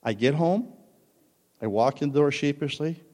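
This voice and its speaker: A man's voice: fairly high pitch, moderate pace, warm tone. A man preaching a sermon, telling a story animatedly and acting out the voices in it. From Italian-American family. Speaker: pastor. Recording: long reverb of a large hall.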